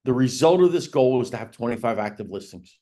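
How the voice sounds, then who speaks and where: Talking fast with lively intonation, this coach has a mellow, mid-range voice. He walks real estate agents through business planning conversationally, stressing key points with rising emphasis. "Right?" and "again" come up over and over.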